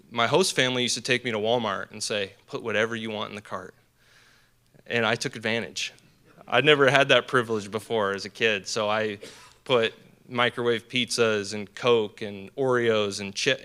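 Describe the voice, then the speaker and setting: A young man giving an earnest, animated personal story as a speaker at a team dinner, with many fillers and restarts. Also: medium pitch, clear, resonant tone. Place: banquet hall.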